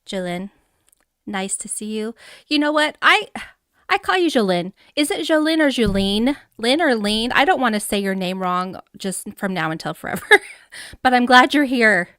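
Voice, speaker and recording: A woman hosting a casual live stream, bubbly and excitable, giggling as she greets her viewers by name. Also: mid-range voice, moderate pace, clear, resonant tone, no room sound, clean studio sound. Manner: greets chatters warmly by name. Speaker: livestream host.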